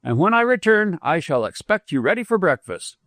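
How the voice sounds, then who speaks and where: A man voicing a polite, proper young gentleman who speaks formally. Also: high voice, big pitch swings, a little fast, dry recording, studio quality, voice pushed up, exaggerated voice. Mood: courteous. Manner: formal and courteous.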